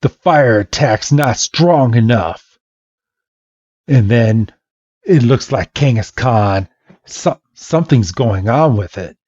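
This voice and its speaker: A man hosting a podcast, casually retelling a story and acting out every character in an animated way. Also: mid-range voice, takes it slowly, breathy edge, no echo. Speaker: podcast host. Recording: dull lo-fi dry podcast mic.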